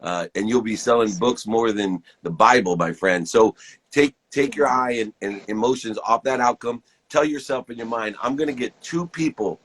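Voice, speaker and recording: A man's voice: medium pitch, fairly bright tone, breathy edge. A man in his fifties giving an enthusiastic, preachy pep talk to viewers on a live stream, hosting it from his phone. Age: 50s.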